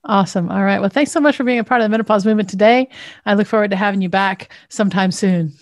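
A woman's voice: medium pitch, fast talker, no echo. Woman, podcast host, dry close sound, encouraging. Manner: brief encouraging replies, upbeat sign-off. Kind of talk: casual interview chat.

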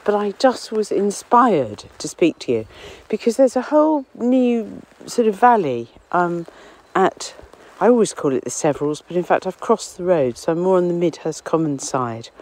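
This local author and podcast contributor talks in a rambling, self-deprecating manner, her voice lowish, very animated and a little mellow, moving at a moderate pace with few pauses. She's slightly out of breath, walking outdoors among trees on a windy common for a casual spoken diary. A phone or portable recorder, used without headphones, gives poor audio.

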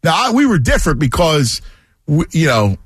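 A male sports radio host talks with lively, swooping pitch and bursts of excitement. He is effusive in his praise and chatty. His studio mic gives a dry, close sound. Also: normal speed, slightly rough, dry recording.

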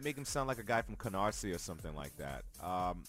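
A man's voice: low voice, sing-song, quick pace, fairly bright tone, faint music behind. A man co-hosting a morning TV show, chatting in an easygoing way with chuckles and restarts. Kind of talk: casual morning show banter. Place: TV studio.

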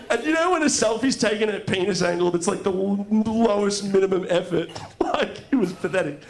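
A man's voice: high voice, normal speed, gravelly. A man from Australia co-hosting a live comedy podcast, telling a story and acting out the lines of the people in it. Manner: animated storyteller, acts out quotes. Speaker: podcast co-host. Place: live venue with audience.

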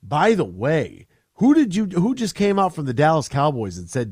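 A man's voice: fairly high pitch, moderate pace, hardly any pauses, husky, no room sound, studio quality. A man hosting sports talk radio, chatting casually and rambling with restarts, mocking players in put-on voices. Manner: animated, rambling, mocks players with put-on quotes.

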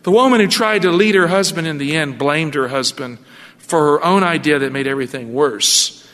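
Bright, dramatic man preaching. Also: on the high side, moderate pace, in a large hall. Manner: dramatic, storytelling. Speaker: pastor. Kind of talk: sermon.

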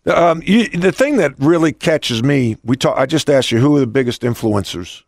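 A man's voice: medium pitch, lively intonation, moderate pace, vocal fry, no echo, clean studio sound. A man hosting an interview, rambling through anecdotes with frequent restarts. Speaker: host. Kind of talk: casual interview talk.

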